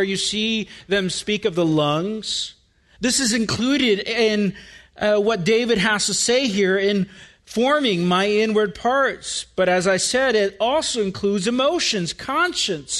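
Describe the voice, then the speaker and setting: A man preaching a sermon, explaining a Bible passage verse by verse with deliberate, emphatic repetition. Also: high-pitched, fairly bright tone. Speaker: pastor.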